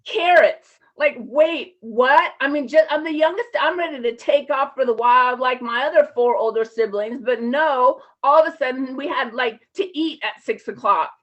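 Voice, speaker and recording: A woman with a high voice tells her recovery story in a frank, casual, openly emotional way, dropping slang as she goes. The sound is muffled, lo-fi conference audio. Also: normal speed, few pauses. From Champaign, Illinois area. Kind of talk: personal recovery talk.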